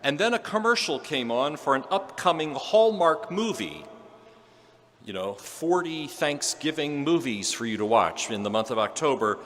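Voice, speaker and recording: A man giving a homily as a priest, telling a personal story in a gentle, earnest way with touches of quiet humor. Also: on the high side, very animated, normal speed. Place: large church. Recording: long church reverb.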